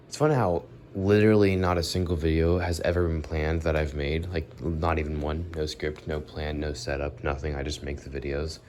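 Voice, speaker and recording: Rumbling low and a little mellow, this young man's nasal voice carries the congestion of a cold, with a faint hiss or hum behind it. As a vlogger he rambles through an unplanned monologue, correcting himself and chatting directly with viewers.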